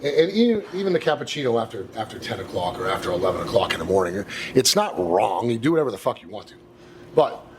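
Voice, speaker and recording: A man's voice: on the low side, sing-song, quick pace, background noise. A man, a chef co-hosting a casual chat, blunt and swearing freely. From United States. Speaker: chef and co-host.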